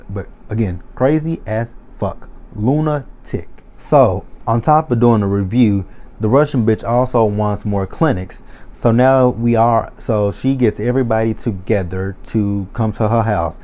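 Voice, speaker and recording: A man's voice: lowish voice, measured pace, mellow. A young man recapping a TV episode in a casual, profane vlog, swearing freely and acting out his own shocked reactions. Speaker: TV recap vlogger.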